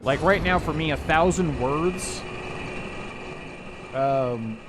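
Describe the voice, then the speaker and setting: A man's voice: a little high, slow pace, noisy background. A man casually chatting and rambling while he streams a video game, with plenty of "like" and "um".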